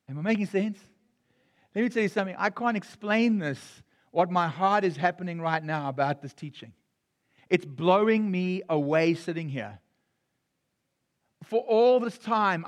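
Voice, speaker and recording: A man's voice: high-pitched, a bit bright. A man preaching a sermon, earnest and repetitive, often checking if he's making sense.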